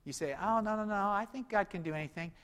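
High-voiced preacher in a reverberant hall. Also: male voice, fast talker, a bit bright, smooth. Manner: preaching with rising emphasis and rhetorical questions. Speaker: pastor. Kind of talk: sermon.

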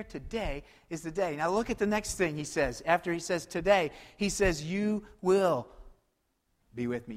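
A man preaching a sermon, swinging between loud exclamations and hushed, quiet lines. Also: sits high. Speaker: pastor. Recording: long hall reverb.

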